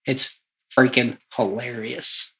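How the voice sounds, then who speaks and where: A man's voice: mid-range voice, level tone, slow pace, sharp tone. Casual man praising a coworker. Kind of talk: interview tribute.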